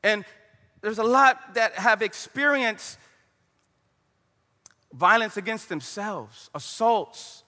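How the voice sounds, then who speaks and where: A man's voice: high voice, lively intonation, takes it slowly, pauses often, pushed and bright, long reverb tail. A man preaching a conversational sermon, telling stories and praying aloud. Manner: conversational preaching with storytelling and prayer. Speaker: pastor.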